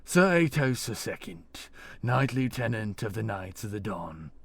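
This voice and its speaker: A man voicing a calm, controlled male knight lieutenant in armor, speaking in a measured way. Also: fairly low pitch, creaky, husky, full character voice.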